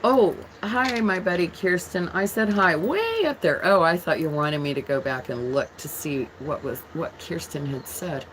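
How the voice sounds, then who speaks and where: A woman's voice: on the low side, lively intonation, normal speed, few pauses, a bit bright, slight background noise, poor audio. A woman from England hosting a jewelry live stream, chatting casually with viewers and reading their comments aloud as she shows pieces.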